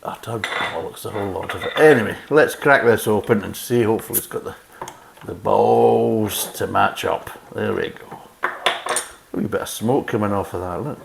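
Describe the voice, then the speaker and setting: A man's voice: fairly low pitch, moderate pace, vocal fry, noisy background. A Scottish man reviewing a beer in casual chat, sarcastic and blunt, reading the label aloud and mocking it. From Scotland.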